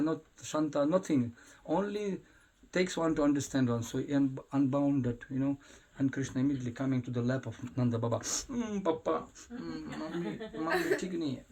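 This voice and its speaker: A man giving a devotional talk in a house, telling stories in an animated way with frequent laughter. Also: medium pitch, a little fast. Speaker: spiritual teacher. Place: private house.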